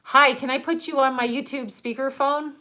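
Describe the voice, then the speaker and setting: A woman's voice: sits high, steady tone, moderate pace, sharp tone. A woman hosting a casual livestream, chatting and rambling with frequent laughs. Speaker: livestream host.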